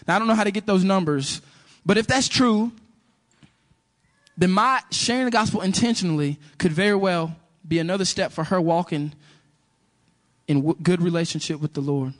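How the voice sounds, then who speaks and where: Man, high-pitched, lively storytelling sermon. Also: fairly quick. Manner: animated storytelling, acts out dialogue. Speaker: preacher.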